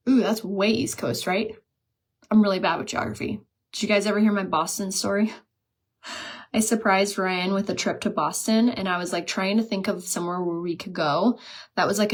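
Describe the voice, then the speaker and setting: A chatty woman in her thirties talks straight to her viewers while she does her makeup. She tells self-mocking stories, laughs at her own mix-ups and speaks in a casual, everyday way. Her pitch sits in the middle for a woman. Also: fairly bright tone. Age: 30s. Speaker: beauty vlogger.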